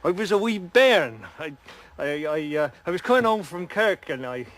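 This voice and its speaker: A boastful old local. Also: male voice, high-pitched, sing-song, drawn-out words, a bit bright, heavily acted. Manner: chuckling, rambling tall tales. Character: old local man, boastful, money-minded joker. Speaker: villager in comedy sketch.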